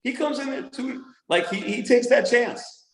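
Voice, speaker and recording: A man talking as a podcast guest, an animated storyteller who does voices and laughs often in casual interview chat. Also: very high-pitched, normal speed, echoey room, rough recording. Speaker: podcast guest, music producer and manager.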